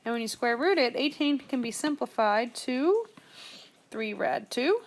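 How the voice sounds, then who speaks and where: A young woman with a gravelly edge and a somewhat high voice teaches math, working each step aloud. She speaks in a steady, explanatory way, like a recorded classroom lesson. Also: measured pace.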